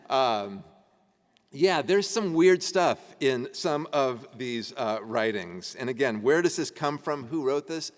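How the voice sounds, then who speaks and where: A man teaching an adult education class at a church, reading ancient texts aloud and talking them over casually. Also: mid-range voice. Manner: conversational, laughing while reading old texts aloud. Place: church meeting room. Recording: church hall reverb.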